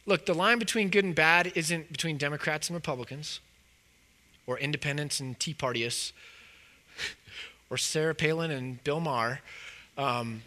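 Male pastor, high and very bright voice, chatty sermon delivery. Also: normal speed, long pauses. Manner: casual, conversational preaching with many fillers.

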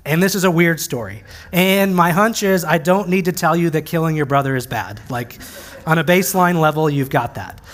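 A man's voice: on the high side, moderate pace, a bit bright. Conversational male pastor preaching. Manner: conversational, plain-spoken, with light humor. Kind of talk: sermon.

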